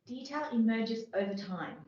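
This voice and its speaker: A woman's voice: fairly high pitch, normal speed, warm tone, close to an everyday voice. A woman playing a defensive agile team lead who explains her team's methods firmly, in an amateur workplace role-play over a video call. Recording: very echoey, distant mic, dull lo-fi sound.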